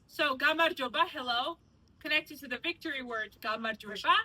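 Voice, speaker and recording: A woman from Georgia leads a walking tour outdoors, her voice high and sharply bright. She is a native Georgian speaker who explains things playfully, teasing her group with examples. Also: normal speed, a little hiss or hum, poor audio. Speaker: tour guide. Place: outdoors in old city streets.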